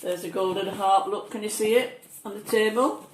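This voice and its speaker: A woman reads a children's picture book aloud, gentle and coaxing as she points out the pictures. Her voice sounds echoey in the room. A faint hiss sits under it. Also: mid-range voice, moderate pace. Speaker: storyteller.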